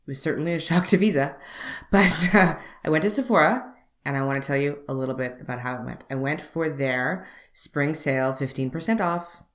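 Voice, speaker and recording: A young woman beauty vlogger telling a story to camera, wry and animated, acting out both sides of a conversation. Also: extremely low pitch, brisk.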